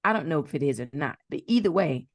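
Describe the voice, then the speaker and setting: Animated profane woman podcaster, dry sound. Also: sits low, fast, no room sound. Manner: animated, profane, mimics voices mid-story. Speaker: podcast co-host. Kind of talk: casual chat.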